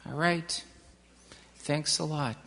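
Unhurried children's-message storyteller, long reverb in a large sanctuary. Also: medium pitch, steady tone, vocal fry, sharp tone. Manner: slow, questioning the children, dramatic pauses.

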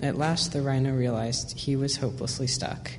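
Guy reading a kids' story out loud, echoey hall, faint noise in the back. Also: medium pitch, moderate pace. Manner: steady reading with brief asides. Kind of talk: reading a children's story aloud.

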